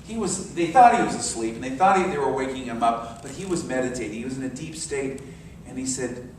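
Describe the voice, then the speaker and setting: A man in his sixties preaching a sermon, telling stories and dropping to soft meditative tones. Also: mid-range voice, expressive, brisk, a little hiss or hum. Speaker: minister. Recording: very echoey hall, mic far off.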